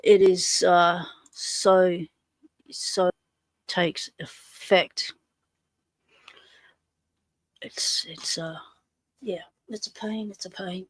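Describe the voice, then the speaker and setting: An Australian woman hosts a relaxed livestream and talks in an unhurried, drawn-out way. She greets chat viewers one by one with easygoing slang. Her voice sits close and dry on the microphone. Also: lowish voice, dry recording. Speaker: livestream host.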